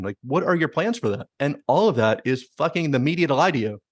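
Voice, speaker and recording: A man hosting a podcast, chatting casually and bluntly about politics, swearing freely and mimicking politicians in quick asides. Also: a little high, lively intonation, no echo, clean studio sound. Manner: fast, swearing, mimics politicians in quoted voices. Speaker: podcast host.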